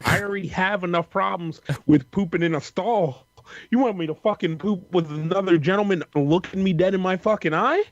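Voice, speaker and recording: A man's voice: sits high, brisk, dry recording, lo-fi sound. A man in casual podcast chat, blunt and joking, swearing freely.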